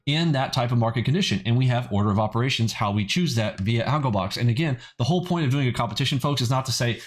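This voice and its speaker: Man, trading video host, mid-pitched voice, blunt, skeptical, casual commentary. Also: quick pace, few pauses. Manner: blunt, skeptical, peppers talk with "okay".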